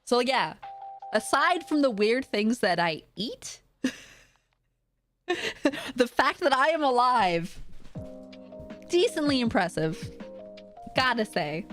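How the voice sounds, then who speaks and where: A woman's voice: a little high, big pitch swings, slow pace, long pauses, fairly bright tone, soft background music. A woman streamer telling stories in casual chat, rambling with lots of fillers and frequent laughter.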